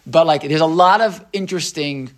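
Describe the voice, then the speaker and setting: A man leads a text study class as a Torah teacher, reading aloud and explaining the texts while thinking aloud, often restarting and checking with the group by asking "right?" His voice is a little high and his pace moderate.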